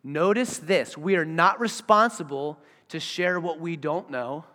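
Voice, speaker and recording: A man's voice: on the high side, measured pace. A man preaching a sermon as pastor, telling a story with acted-out voices and questions to the congregation. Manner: animated storytelling, acts out voices and asks the audience questions. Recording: long hall reverb.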